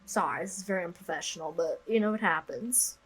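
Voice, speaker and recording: A woman's voice: lowish voice, fast, fairly bright tone, husky, poor audio. A woman reading a story game aloud and chatting between lines, giggling and joking at her own asides. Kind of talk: casual let's-play commentary.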